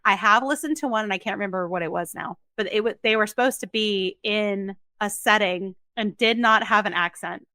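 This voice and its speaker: A young woman co-hosts a casual podcast chat, and her voice comes across bright and crisp. She talks emphatically and keeps up a quick, chatty flow, with a dry, close sound. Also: medium pitch, dry recording. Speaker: podcast co-host.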